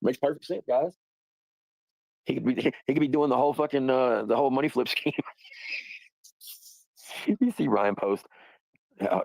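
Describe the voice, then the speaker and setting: A man's voice: medium pitch, lively intonation, unhurried, vocal fry, pauses often, a little mellow, no echo, rough recording. A man hosting a livestream, talking in a rambling, profane, casual way and laughing often. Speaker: livestream host.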